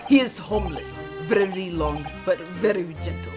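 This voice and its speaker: A woman voicing a gentle, blunt young woman in broken English over game music. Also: fairly low pitch, close to an everyday voice. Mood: earnest. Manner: broken English, slow and deliberate.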